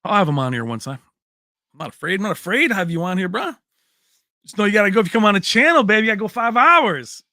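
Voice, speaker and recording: A man hosts a casual tech livestream, talking to his viewers in a chummy, animated way. His voice is bright and sits somewhat high for a man. The sound is dry and close, with no room around it. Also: quick pace, no room sound. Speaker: tech channel host.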